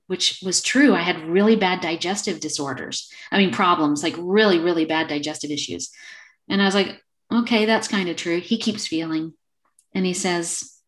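A woman's voice: fairly low pitch, moderate pace, fairly bright tone. A woman in her fifties, an acupuncturist guest on a video call, telling a story and acting out the quoted exchanges. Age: 50s. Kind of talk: casual storytelling interview.

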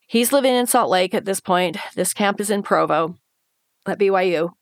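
An interview guest, this woman earnestly and emotionally shares a painful story, quoting what she used to think and voicing other people too. She speaks in a mid-range voice at a moderate pace, in a dry, clean studio recording.

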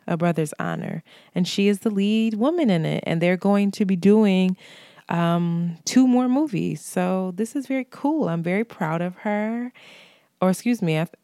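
Woman podcast host, low-ish voice, dry close sound, giggles and swears a lot. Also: warm tone, no echo. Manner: frank, giggly, swears freely. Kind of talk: casual chat.

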